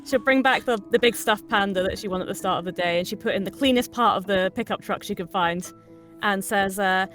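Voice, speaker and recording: A woman's voice: medium pitch, a little fast, a bit bright, soft background music. A British woman, a voice actor, chatting and role-playing a character as a player in a tabletop game. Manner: chatty, laughs often. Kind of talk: in-character play and chat.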